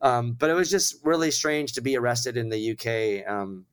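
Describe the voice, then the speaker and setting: A man, a musician guest, telling a tour story in casual, animated talk, full of swearing and acted-out dialogue. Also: medium pitch, normal speed, clear, resonant tone.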